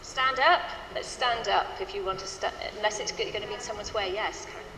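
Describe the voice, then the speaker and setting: A woman's voice: medium pitch, a little fast. A woman choir director giving upbeat, chatty instructions to her choir at a rehearsal in a hall. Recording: echoey hall with faint ambient noise.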